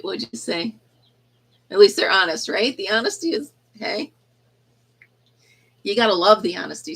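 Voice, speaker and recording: A woman's voice: mid-range voice, fairly bright tone, slightly rough, poor audio. A woman chatting casually on a phone livestream from an indoor yarn room, laughing often and cooing at baby chicks, with an anecdote about school absences. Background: chicks cheeping.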